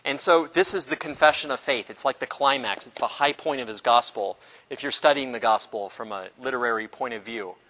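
A man's voice: medium pitch, brisk, bright, forceful tone, long reverb tail. A man teaching a casual Bible class, chatty and joking with his students, acting out little voices as he explains.

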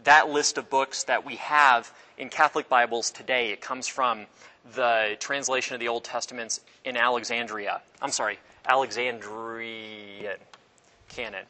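Bright-voiced man giving a casual lecture. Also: medium pitch, steady tone, rough recording. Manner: casual, halting, with many fillers and restarts. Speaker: teacher. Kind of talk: informal classroom lecture.

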